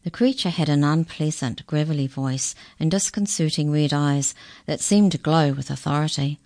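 Low, slow woman storyteller for children; dry close recording. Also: dry recording. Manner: unhurried, expressive reading. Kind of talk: storybook reading.

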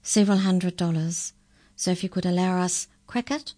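A woman reading aloud and voicing a scheming male pastry cook who talks in a smooth, ingratiating way. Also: lowish voice, moderate pace, dark tone, natural voice. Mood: wheedling.

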